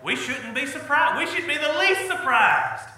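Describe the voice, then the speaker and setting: A man's voice: very high-pitched, sing-song, moderate pace, bright, forceful tone. A middle-aged man preaching a sermon in a folksy, earnest way, his emphasis rising as he drives home each point. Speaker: pastor. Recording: echoey church hall.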